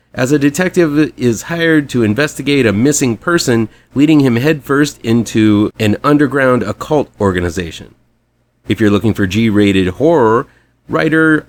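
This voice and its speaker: A man hosting a weekly horror comics show, reading a scripted rundown with chatty, fan-like enthusiasm. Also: mid-range voice.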